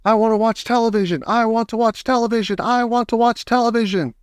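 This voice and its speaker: A bratty little boy with a squeaky, whiny voice, done by a man reading aloud, pitched well up. The sound is dry and close-miked. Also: animated, normal speed, smooth, no room sound. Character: small boy, bratty and shrill. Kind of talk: audiobook character voice.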